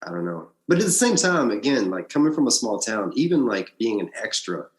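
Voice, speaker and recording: A man from Alabama, a podcast guest, recounting his past in animated casual storytelling, often restarting his sentences. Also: a little fast. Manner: animated storyteller, frequent restarts and big pitch swings. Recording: echoey room.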